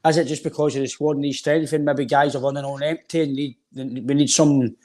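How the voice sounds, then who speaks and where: A Scottish man co-hosts a football podcast, rambling through casual chat with a sore throat. His voice is medium in pitch and warm, with a flat delivery and a slightly fast pace.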